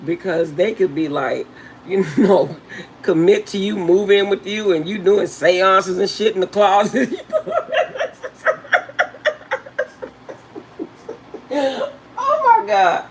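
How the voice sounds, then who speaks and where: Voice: medium pitch, slight background noise, low-quality recording. An older channel host giving casual spiritual advice to viewers in an emphatic, slangy, blunt way, laughing often.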